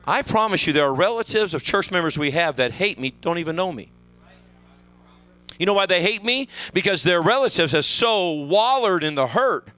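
Pastor guy preaching a sermon, high voice, all over the place pitch-wise, hushed one sec then shouting. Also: expressive, normal speed, smooth, low-quality recording. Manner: fervent preaching, sweeping from hushed lows to shouted highs. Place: church sanctuary.

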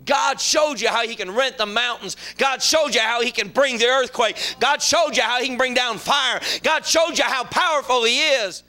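A man in his forties preaching a sermon, animated, acting out characters and shouting on emphatic lines. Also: extremely high pitch, moderate pace, few pauses. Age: 40s. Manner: animated, shifts into voices for biblical characters and complainers.

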